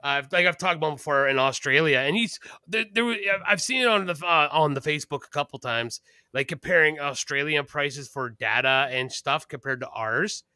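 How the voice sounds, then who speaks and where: A man's voice: a little high, normal speed, sharp tone, smooth, dry recording, studio quality. A Canadian man co-hosting a casual podcast, blunt and profane, ranting about prices. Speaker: podcast co-host.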